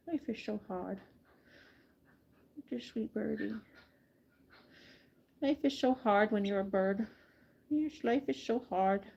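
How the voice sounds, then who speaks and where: A woman gently talking baby talk to her hen while bathing it, cooing and making little beeping noises. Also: mid-range voice, highs cut off. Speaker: backyard farmer caring for a hen. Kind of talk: casual talk to an animal.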